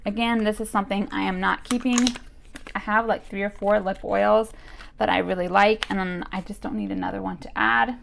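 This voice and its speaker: A woman's voice: mid-range voice, steady tone, a little fast, vocal fry, fairly bright tone, slight background noise. A young woman chatting casually through a beauty box unboxing, full of fillers and a little out of breath. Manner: chatty, with many fillers like "like" and "you guys". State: a bit out of breath. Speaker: beauty vlogger.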